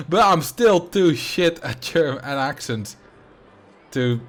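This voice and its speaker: A man's voice: a little high, animated, slow, fairly bright tone. A man, streaming a building game, chatting casually, reading chat and thinking aloud with self-mocking humor. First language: Dutch.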